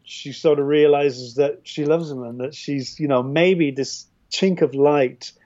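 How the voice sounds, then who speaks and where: An Irish filmmaker, a guest on a podcast, talking casually about films in a rambling way with frequent restarts. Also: male voice, medium pitch, dark tone. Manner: rambling, with many restarts and fillers. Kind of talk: casual film discussion. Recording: dull, muffled audio.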